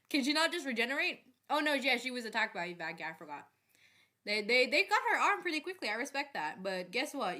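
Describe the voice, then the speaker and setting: A woman's voice: on the high side, sing-song, a little fast, bright, forceful tone, soft background music. A woman hosting a reaction video, chatting casually with joking asides.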